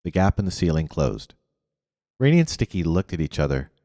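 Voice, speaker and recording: A man reads a novel aloud in a deep, lively voice, sometimes stopping to restart a phrase. The voice itself sounds dry and close, but a long reverb trails after it. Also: brisk. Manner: restarts and corrects himself mid-phrase. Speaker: reader.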